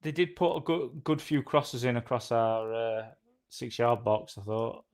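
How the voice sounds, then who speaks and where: A man's voice: medium pitch, fairly even intonation, a little slow. Co-host guy, normal mid voice, short dry comments on the footy. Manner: short, dry side remarks. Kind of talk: casual football chat.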